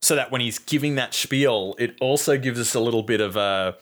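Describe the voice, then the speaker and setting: A man chatting casually about a film, animated, swearing freely and acting out lines from scenes. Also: mid-range voice, a little fast.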